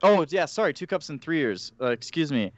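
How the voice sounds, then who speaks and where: A man co-hosting a casual podcast, telling stories in an animated way. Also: on the high side, fairly quick, no room sound. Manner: animated storytelling. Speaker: podcast co-host. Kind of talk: casual chat. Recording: muffled mic.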